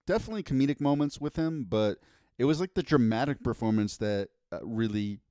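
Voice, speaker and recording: A man's voice: mid-range voice, animated, a little fast, warm tone, dry recording, studio quality. A man co-hosting a podcast in casual chat, giving opinions with eager restarts. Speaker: podcast co-host.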